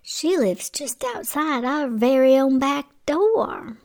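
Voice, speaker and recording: Slow, high-voiced woman storyteller. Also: animated, darkish tone. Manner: explains words to children, asks questions. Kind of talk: children's story reading with asides.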